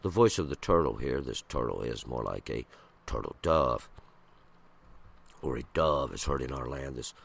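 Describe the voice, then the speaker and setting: A man reading scripture verse by verse and commenting on it in a slow, halting way, often pausing and restarting. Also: very deep voice, expressive, vocal fry. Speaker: Bible commentator.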